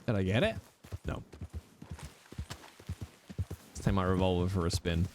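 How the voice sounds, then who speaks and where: Playful streamer who hums. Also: male voice, sits low, animated, measured pace, slight background noise. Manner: playful, rambling, hums little tunes, jokes about accents. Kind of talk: casual gaming chat with viewers.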